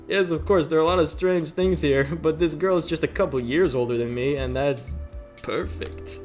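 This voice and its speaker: A man's voice: a little high, normal speed, soft background music. A young man reading a visual novel aloud as host, with jokey, laughing asides between lines. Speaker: let's play host.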